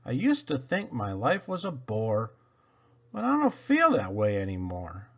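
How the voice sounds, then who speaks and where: A man's voice: mid-range voice, huge pitch swings, unhurried, a bit bright, dull audio. A man reading children's poems aloud, playful and theatrical. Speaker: children's book reader.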